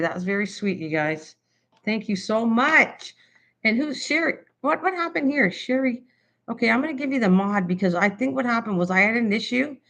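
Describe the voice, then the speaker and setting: With a mid-range, slightly bright voice, an older livestream host keeps up a chatty stream of talk while jotting down a recipe on her computer setup. She thinks out loud as she writes and thanks her viewers repeatedly and warmly.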